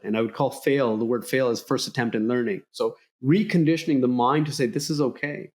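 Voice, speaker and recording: A middle-aged man hosting a podcast interview, talking earnestly in a motivational way and acting out remembered dialogue with lively emphasis. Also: medium pitch, a little fast, few pauses. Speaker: podcast host. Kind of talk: conversational interview.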